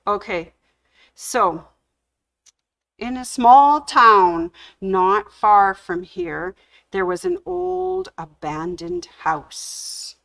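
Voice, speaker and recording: A woman hosting a sewing channel livestream, telling a ghost story slowly and dramatically. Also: mid-range voice, sing-song, gravelly, a bit bright.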